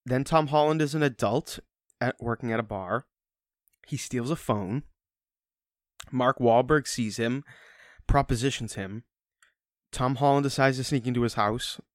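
A man casually chatting about a movie, rambling and joking, with quick silly impressions. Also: medium pitch, no echo, clean studio sound. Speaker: podcast co-host. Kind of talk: casual film review chat.

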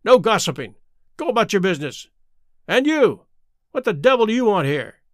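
Brief: a man playing a fierce elderly trainer, loud and blustering, lively delivery. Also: high voice, moderate pace, no room sound, clean studio sound. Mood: angry. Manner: blustering, angry. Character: fierce, bullying elderly male horse trainer.

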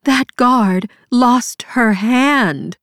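Voicing a guilt-stricken young woman for an audiobook, this narrator sobs, pleads and breaks into whispers. She speaks extremely slowly in a fairly high, pushed-up voice, recorded without echo.

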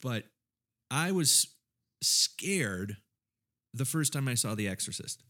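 A man's voice: mid-range voice, big pitch swings, slow pace, bright, forceful tone. A man on a casual panel talk about horror films, rambling with many fillers and restarts, who grew up in the American South. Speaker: podcast panelist. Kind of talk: casual chat.

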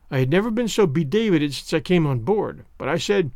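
A male audiobook narrator tells a classic adventure in the first person. His reading is expressive, moving through a lively, wide pitch range on a slightly high voice. The recording is dry and close. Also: a little fast, no echo. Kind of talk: scripted narration of a classic novel.

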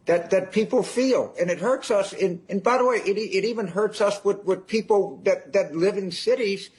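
A high-pitched man speaks in a played interview clip as a political commentator. He stumbles and repeats words while pushing his point. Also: moderate pace, darkish tone, rough recording.

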